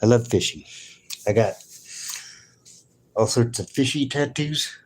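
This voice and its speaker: A man hosting a relaxed morning livestream, talking straight to his viewers. He rambles, stops mid-sentence and picks the thread back up as he goes. His voice sits at an ordinary middle pitch. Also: a little slow, a little hiss or hum. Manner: rambling, loses his train of thought. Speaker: livestream host. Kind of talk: casual livestream chat with viewers.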